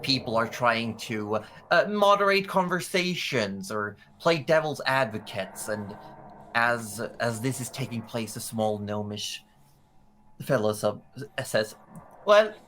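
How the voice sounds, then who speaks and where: A man's voice: medium pitch, bright, forceful tone. A man narrating as game master of a tabletop game in loose, conversational description.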